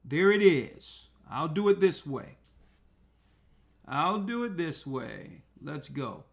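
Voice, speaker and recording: A man's voice: a little high, sing-song, takes it slowly, creaky. A man hosting an online radio talk show, speaking unhurriedly and dropping in religious exclamations while he thinks aloud at his computer. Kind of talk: casual livestream talk.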